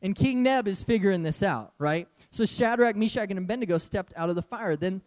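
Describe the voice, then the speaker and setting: A man preaching a sermon as a pastor, animated and conversational, often breaking into laughs. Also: high-pitched, fairly quick.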